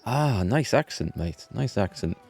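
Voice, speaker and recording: A man's voice: on the low side, lively intonation, measured pace, vocal fry, a little mellow, slightly rough. A man streaming a game live from indoors at home, chatting in an upbeat way and thinking aloud as he plays. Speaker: gaming streamer.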